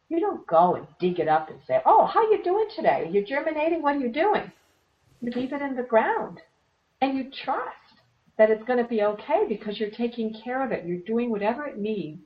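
A woman teaching meditation in an earnest, conversational way, slightly hoarse from losing her voice. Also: medium pitch. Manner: earnest, plays out little voices in quotes. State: losing her voice, clearing throat. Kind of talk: relaxed conversational advice. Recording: distant, dull lo-fi sound.

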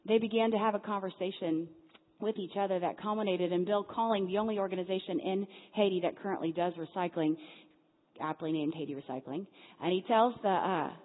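Woman preaching in an echoing hall. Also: lowish voice. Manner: lively storyteller acting out dialogue. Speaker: speaker at a church Lent series. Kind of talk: storytelling sermon. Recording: phone-like sound in a big reverberant hall.

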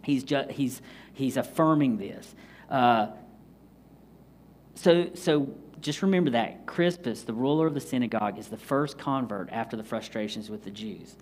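A man preaching a conversational Bible study sermon, acting out scenes with quick asides. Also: medium pitch, darkish tone, a little hiss or hum. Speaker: pastor.

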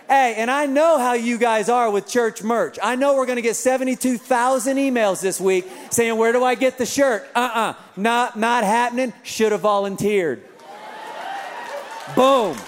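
A man pastor telling a lively story in an Easter sermon, acting out voices and laughing along with the crowd. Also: high voice. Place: large church auditorium. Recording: long reverb of a large hall.

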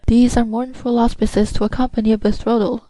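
A woman voicing an earnest young bride-to-be who pleads softly for mercy, in a storybook reading. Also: a little high, level tone, a little fast, no echo, lightly acted, poor audio. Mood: pleading. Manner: soft, pleading.

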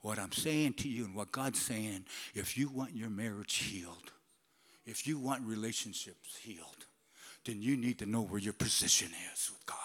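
A male pastor preaching in a church sanctuary, animated and conversational, moving from loud declarations to near-whispers. His voice is bright and forceful, and a long reverb from the hall trails after each phrase. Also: on the low side, normal speed. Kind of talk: sermon.

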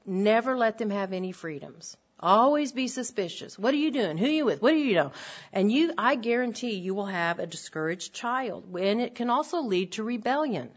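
Older female Bible teacher, earnest and direct delivery, muffled lo-fi recording. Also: mid-range voice. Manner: earnest, direct, with frequent ums. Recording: dull lo-fi recording.

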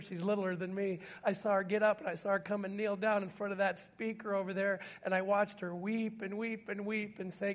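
An older man preaching a sermon in a church, telling a family story and rising into fervent, emotional pleading. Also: high-pitched. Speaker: pastor. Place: church sanctuary.

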